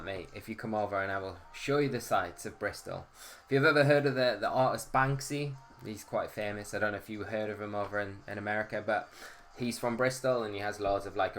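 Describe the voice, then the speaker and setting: A man's voice: lowish voice, a bit bright. A man hosting a casual live stream, chatting and greeting viewers by name.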